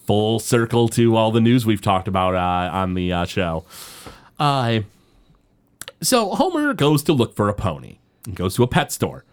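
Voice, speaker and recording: A man's voice: fairly low pitch, moderate pace. A man co-hosting a podcast, recapping a cartoon episode in casual chat and acting out the quotes as he goes. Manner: animated storytelling, acts out quotes in exaggerated voices. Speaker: podcast co-host.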